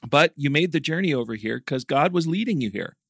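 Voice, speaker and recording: A man's voice: on the high side, lively intonation, brisk, creaky, breathy edge, no room sound, clean studio sound. A Canadian man hosting a podcast interview, upbeat and friendly, laughing easily. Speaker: podcast host.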